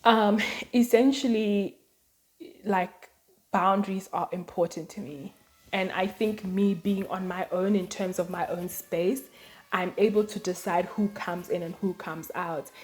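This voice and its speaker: A woman's voice: medium pitch, steady tone, a little slow. A woman vlogger chatting casually to her viewers, telling personal stories with lots of "like" and "um". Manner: chatty, storytelling, many fillers and "like". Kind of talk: casual chat to camera.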